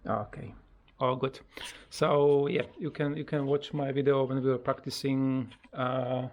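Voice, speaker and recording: A parrot owner casually chatting on a pet vlog in halting speech, breaking into high sing-song coaxing when talking to the bird. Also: flat delivery, dull audio. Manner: halting, with many fillers and simple grammar.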